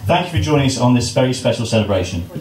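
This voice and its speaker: English groom joking through a wedding speech. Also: male voice, mid-range voice, very animated, very fast. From England. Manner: joking, self-deprecating. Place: wedding reception venue. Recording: roomy, distant, loud crowd noise.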